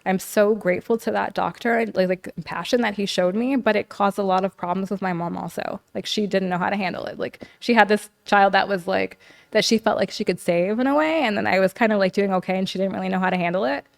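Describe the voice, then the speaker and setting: A woman speaking as a podcast guest, recounting her own experiences in an earnest, conversational way. Her voice sits at a middle pitch, and her talk is full of fillers like "like" and "you know.". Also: fast, vocal fry. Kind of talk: personal storytelling in interview. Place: living in Los Angeles.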